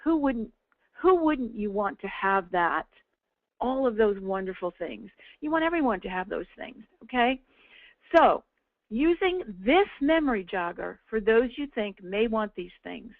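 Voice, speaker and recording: A woman's voice: on the high side, animated, measured pace, no echo. A woman team leader walking listeners through a business tool in a chatty, upbeat coaching manner, often checking in with "okay?". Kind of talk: casual webinar walkthrough. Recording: tinny phone-like audio.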